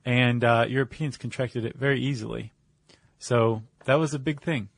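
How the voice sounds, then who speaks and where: A man's voice: medium pitch, fairly even intonation, moderate pace, vocal fry, dry recording, clean studio sound. A man co-hosting a podcast in casual chat, talking loosely with many fillers. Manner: loose, rambling, full of "like" and "um". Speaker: podcast co-host.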